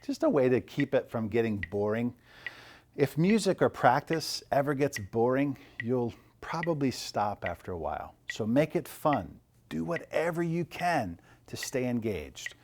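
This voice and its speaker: A man teaching an online percussion lesson, calmly coaching and counting rhythms aloud. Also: medium pitch, unhurried.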